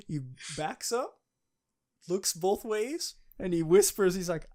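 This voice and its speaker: A young man co-hosting a casual fan podcast, excitable, laughing often and swearing as he recaps. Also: high-pitched, slow. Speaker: podcast co-host.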